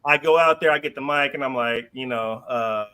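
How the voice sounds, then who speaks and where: A man's voice: medium pitch, brisk, bright, forceful tone, smooth. A man guesting on a podcast, telling a personal story in a loose, slangy way with lots of "like" and "you know" and laughter mixed in.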